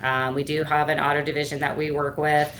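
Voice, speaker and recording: A middle-aged woman with a low voice tells her story as an interview guest. She talks casually with plenty of fillers and slips into quoted dialogue. A faint noise sits under the recording. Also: little pitch movement, brisk, fairly bright tone. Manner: chatty, many fillers, acts out quoted dialogue. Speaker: guest, firm owner and CEO.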